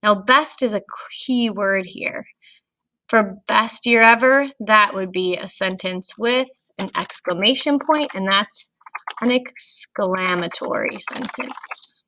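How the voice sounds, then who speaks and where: A woman teacher giving a recorded grammar lesson to children, speaking clearly and patiently to young students. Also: mid-range voice, takes it slowly, pushed and bright, a little hiss or hum, poor audio.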